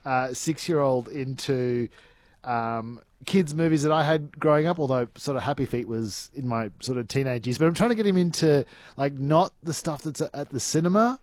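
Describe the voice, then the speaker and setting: A man's voice: medium pitch, moderate pace, darkish tone, no echo. A young man co-hosting a radio show, talking in a jokey, rambling way and often restarting his sentences. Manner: rambling, self-interrupting, jokey. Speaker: radio co-host. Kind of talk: casual radio chat.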